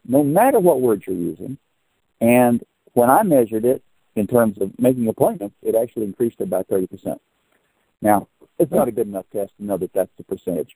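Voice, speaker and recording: An older man hosts the conversation in a deep-toned, mellow, husky voice. He talks in a long-winded, folksy way and explains things patiently. The sound is dry and close. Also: no room sound, rough recording. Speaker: podcast host. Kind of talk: conversational interview.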